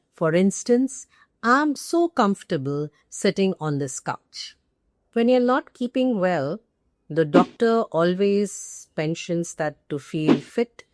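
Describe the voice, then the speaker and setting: A woman with an Indian English accent, teaching English pronunciation as host and stressing key words slowly. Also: fairly low pitch, a little mellow, no room sound, studio quality. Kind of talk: pronunciation lesson to camera.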